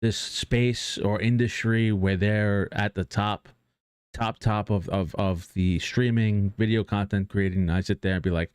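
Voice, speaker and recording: A man's voice: on the low side, fairly even intonation, a little slow, a little mellow, clean tone, no room sound, clean studio sound. A man streaming live who talks casually and earnestly about motivation, rambling with many restarts and fillers and swearing now and then.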